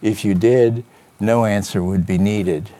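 Femme fatale pleading all hushed and soft, a man reading her lines, mellow sound. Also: fairly low pitch, steady tone, unhurried, lightly acted.

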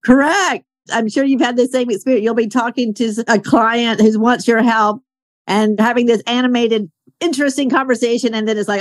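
A woman's voice: a little high, fairly even intonation, normal speed, dry recording. An older woman hosting an interview podcast, responding enthusiastically and asking questions in a chatty way. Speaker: podcast host. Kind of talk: conversational interview.

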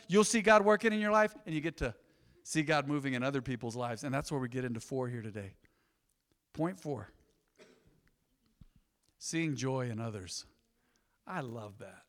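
A man, a pastor preaching a sermon in a folksy storytelling way, jumping from soft asides to loud bursts. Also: a little high, moderate pace, long pauses, clear, resonant tone. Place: church sanctuary. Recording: long hall reverb.

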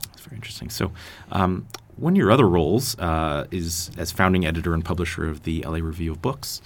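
Deep-voiced fast-talking male interviewer. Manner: asks long, setup-heavy questions. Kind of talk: interview questions.

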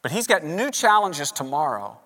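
A male pastor preaching an animated sermon, acting out the voices of the people he quotes. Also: fairly high pitch, moderate pace. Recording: reverberant hall.

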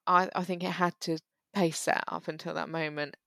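Gravelly woman gushing about shows. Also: low-pitched, level tone, a bit bright, no room sound. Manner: enthusiastic, gushing, quick to laugh. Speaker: podcast co-host. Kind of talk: casual chat.

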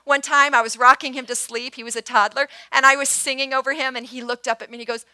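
Woman in her 50s preaching, kinda high voice, dry close mic, goes quiet n prayerful then punchy. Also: level tone, quick pace, dry recording. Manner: earnest, swings from hushed prayer to bright emphatic bursts. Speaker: pastor. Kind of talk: sermon.

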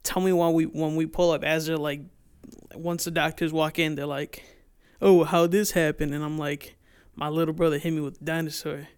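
A young man in a casual podcast chat, telling a profane, animated story about himself. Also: on the high side, normal speed, clear, resonant tone. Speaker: podcast guest.

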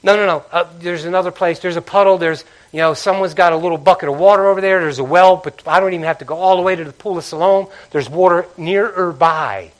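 A man preaching a sermon, telling stories with animated swings between loud outbursts and quiet passages. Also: sits high, fast talker, few pauses. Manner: animated storytelling, acting out characters with loud outbursts and quiet drops.

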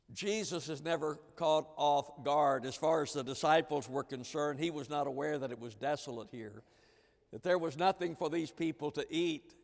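A man preaching a sermon as pastor, retelling scripture and acting out the disciples' words. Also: fairly high pitch. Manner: preaching with dramatized quotes of disciples. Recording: long reverb of a large hall.

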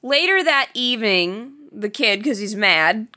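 A woman with a bright, crisp-edged voice talks through a film's plot in relaxed podcast chat. She is chatty and swears casually as she recaps. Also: on the high side, unhurried. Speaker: podcast co-host.

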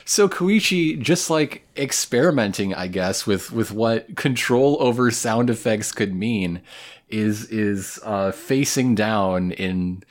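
A man co-hosting a casual podcast, recapping an anime episode with wry jokes and sudden high-pitched emphasis. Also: expressive, takes it slowly. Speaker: podcast co-host.

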